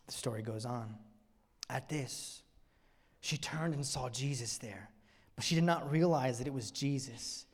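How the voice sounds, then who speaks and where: A man preaching a sermon in a church, moving dramatically from hushed, somber passages to soaring emphasis. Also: medium pitch, moderate pace, husky, in a large hall. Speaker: pastor. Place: church sanctuary.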